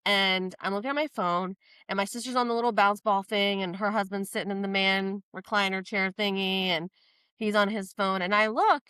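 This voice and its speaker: A woman co-hosting a podcast, telling a personal story in casual chat, animated and full of "like" fillers. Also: mid-range voice, smooth, no echo. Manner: animated, quotes herself in lively voices; frequent fillers "like". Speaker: podcast co-host.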